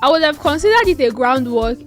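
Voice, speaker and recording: A woman's voice: high-pitched, animated, fairly quick, faint music behind. A young Nigerian woman co-hosting a casual discussion, emphatic and firmly opinionated. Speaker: podcast co-host.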